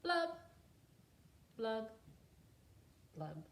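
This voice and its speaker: A woman's voice: a little high, very animated, drawn-out words, creaky, full character voice. A mopey, pouty male fish drags out a sing-song refrain, as a woman puts him on. The voice swoops up and down and takes its time. The room gives it a roomy echo. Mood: glum.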